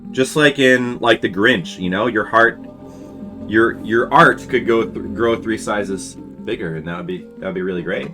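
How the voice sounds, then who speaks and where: With a lowish voice at a moderate pace, a webcomic artist in his forties chats with patrons as he draws on stream. He rambles about old memories and responds to chat with lots of restarts, faint music in the background.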